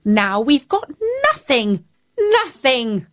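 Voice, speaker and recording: Woman putting on a shrill scolding housewife. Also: sing-song, takes it slowly. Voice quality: high-pitched, shrill. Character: distressed, scolding, hungry housewife.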